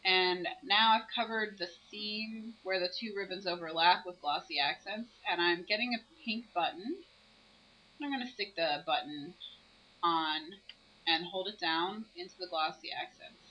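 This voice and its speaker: A woman's voice: fairly low pitch, measured pace, muffled recording. A woman narrating her own crafting video, explaining each step as she works.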